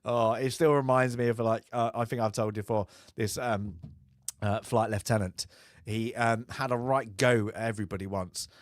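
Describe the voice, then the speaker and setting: A man's voice: medium pitch, steady tone, normal speed, dry recording, studio quality. A man co-hosting a casual film chat, rambling and laughing often. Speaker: podcast co-host.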